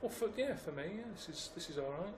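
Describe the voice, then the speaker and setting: A man on a comic podcast, deadpan and grumbling as he talks. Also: sits high, quick pace, a little hiss or hum. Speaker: podcast regular.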